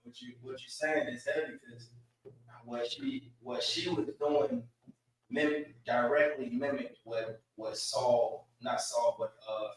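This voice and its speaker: A man in a Bible study group, speaking haltingly and searching for words. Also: medium pitch, a little hiss or hum. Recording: distant and very echoey.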